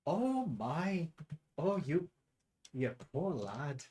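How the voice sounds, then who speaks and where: A man's voice: a little high, sing-song, extremely slow, a crowd in the background, voice pushed up, heavily acted. A man putting on a bawdy barmaid in her thirties. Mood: sympathetic. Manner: bawdy, cheerful, teasing. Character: flirty barmaid woman in her thirties, two teeth.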